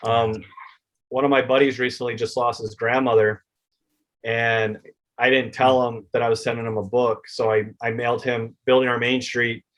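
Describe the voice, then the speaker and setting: A man's voice: medium pitch, little pitch movement, normal speed, fairly bright tone. A man being interviewed as a children's book author, telling heartfelt stories and acting out the conversations he quotes. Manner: heartfelt, acts out quoted exchanges.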